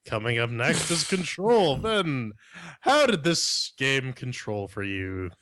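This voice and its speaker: A man's voice: medium pitch, sing-song, slow pace, a bit bright, no echo, clean studio sound. A man co-hosting a game review podcast in casual chat, blunt and profane with lots of filler words. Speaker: podcast co-host reviewing games.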